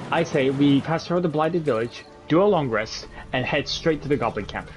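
A man's voice: on the high side, expressive, normal speed, soft background music. A man bantering with friends during a co-op game, teasing and exasperated, laughing between lines. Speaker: co-op gaming partner. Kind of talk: casual gaming banter.

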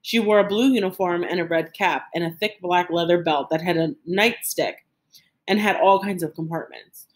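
A woman reading a novel aloud with steady, even narration and the occasional stumble and restart. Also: on the low side, moderate pace. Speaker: audiobook reader.

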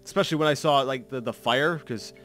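A man's voice: medium pitch, fairly quick, a bit bright, faint music behind. A man in his thirties giving rambling, self-mocking commentary while playing a game, full of restarts and fillers. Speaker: let's play commentator. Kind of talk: gameplay commentary.

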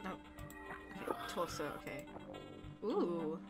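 Woman hosting a chill game chat, giggly, talks slow, game music going loud behind. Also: lowish voice. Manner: giggly and excitable. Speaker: channel host. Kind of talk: casual gaming chat. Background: clear game music.

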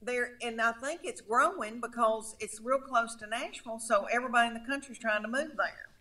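A woman's voice: a little high, a little fast. A woman in her fifties from Middle Tennessee with a thick rural drawl, chatting in a folksy, storytelling way as a comedian guest. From Middle Tennessee, USA. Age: 50s. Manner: storytelling, folksy, animated, calls people honey. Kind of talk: casual chat.

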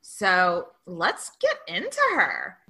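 Giggly woman podcast host, bouncy lively voice, bright tone. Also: lowish voice, slow. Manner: chatty and giggly. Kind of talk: casual chat.

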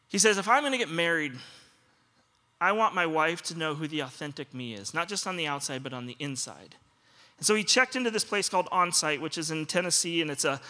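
Man, pastor, sermon, self-deprecating humor, high voice, long hall reverb. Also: sharp tone. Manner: self-deprecating, comic storytelling with acted-out dialogue. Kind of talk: sermon with humorous personal stories.

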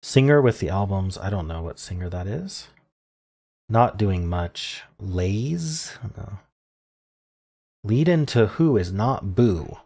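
Low, slow, husky man muttering clues. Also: expressive, darkish tone. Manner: muttering and thinking aloud, unsure and self-questioning. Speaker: puzzle-solving video creator. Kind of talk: solving a crossword out loud.

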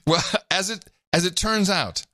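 A man's voice: sits high, unhurried, pushed and bright, no echo, studio quality. A man co-hosting a podcast, chatting and laughing in an upbeat way. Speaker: podcast co-host. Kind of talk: casual podcast chat.

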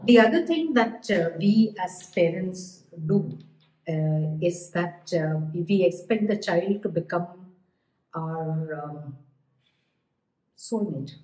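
A woman co-hosting a podcast in casual chat, animated and lively, often acting out the voices of parents. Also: fairly low pitch, slow. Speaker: podcast co-host. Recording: echoey room.

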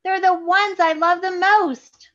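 Little superhero boy, squeaky and loud, begging for his stuff back, a librarian puts him on, bright tinny sound. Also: steady tone, takes it slowly, exaggerated voice. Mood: upset.

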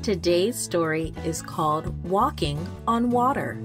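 A woman telling a Bible story to children in a slow, careful storybook reading style, with expressive pauses. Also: lowish voice, over loud music. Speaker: children's Sabbath school storyteller.

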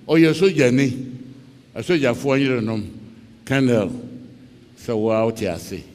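Ghanaian preacher man, swoops up and down a lot, dramatic story sermon, hall echo. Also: on the high side. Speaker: pastor.

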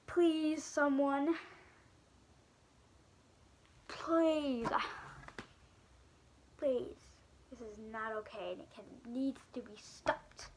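Girl playing a whiny british official who's totally fed up, high squeaky voice. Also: steady tone, takes it slowly, pauses often, noisy background. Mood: pleading. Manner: whiny, exasperated pleading.

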